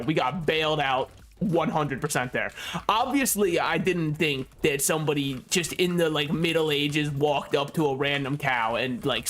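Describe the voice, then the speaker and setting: A man's voice: a little high, a bit bright. A young man casually commentating a game he is playing, rambling and joking with frequent laughs. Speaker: gaming YouTuber.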